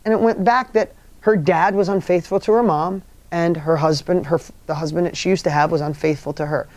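A man's voice: a little high, steady tone, fairly quick, a little mellow, no echo. A man leading a motivational workshop, telling stories emphatically and repeating key phrases to the audience. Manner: asks the audience rhetorical questions. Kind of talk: motivational seminar talk.

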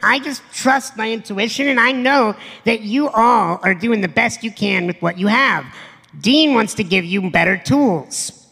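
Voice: mid-range voice, a little slow, creaky, sharp tone, long reverb tail. A motivational speaker giving a live stage talk to an audience, blunt and profane, emphatic, acting out quoted voices.

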